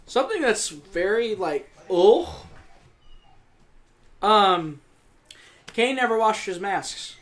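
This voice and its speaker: A woman co-hosting a casual podcast chat, telling animated stories and swearing freely. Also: medium pitch, slow pace, pauses often. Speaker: podcast co-host.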